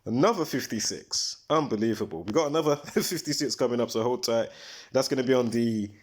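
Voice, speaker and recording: A man hosts a live stream in a loose, conversational way, with a voice of ordinary middle pitch. He rambles from point to point and stresses his words emphatically. He often stops mid-thought to search his memory for a detail. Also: brisk, darkish tone. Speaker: livestream host. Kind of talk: casual livestream commentary.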